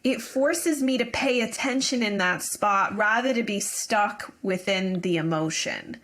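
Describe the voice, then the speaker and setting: A woman's voice: medium pitch, measured pace, a bit bright. A woman hosting a podcast repeats each tapping phrase back. She then talks casually about the practice, with an easy, unpolished flow and everyday fillers. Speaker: podcast host. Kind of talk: casual interview chat.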